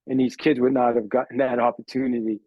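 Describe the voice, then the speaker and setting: A man, a sales trainer, telling a personal story in a motivational talk, animated and acting out the dialogue while calling his listeners "guys". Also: mid-range voice, fast, no echo, lo-fi sound. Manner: acts out quoted dialogue in the story.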